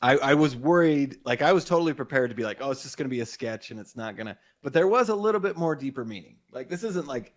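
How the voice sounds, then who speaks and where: A man's voice: mid-range voice, expressive, quick pace, few pauses. A man co-hosting a podcast, enthusiastically recapping a film in casual chat, laughing often and agreeing a lot. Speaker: podcast co-host.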